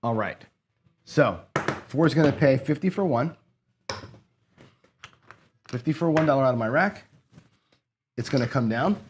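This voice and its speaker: Male host, mid-pitch, casual play-along craps commentary, counts payouts aloud, bursts of excitement. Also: unhurried, pauses often, noisy background. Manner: talks to camera while rolling dice, counting payouts aloud; excitable bursts when a roll goes his way.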